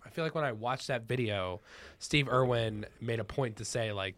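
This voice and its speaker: A man co-hosting a podcast in casual chat, animated and swearing often. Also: medium pitch, normal speed. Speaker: podcast co-host.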